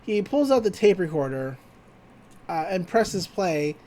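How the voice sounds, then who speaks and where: Podcast host running through a cartoon episode, pitch jumping all over, laughing a lot, quick little character voices. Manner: animated retelling, often laughing. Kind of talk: casual episode recap.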